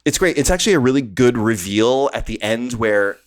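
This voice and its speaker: A man's voice: medium pitch, normal speed. A man hosting a comedy podcast, bantering playfully and giggling often. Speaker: podcast host. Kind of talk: casual comedy chat.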